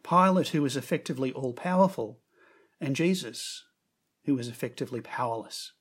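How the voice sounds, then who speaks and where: Male preacher, sermon delivery, breathy tone, expressive narration. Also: medium pitch, moderate pace. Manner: expressive storytelling, raising his voice for quoted words.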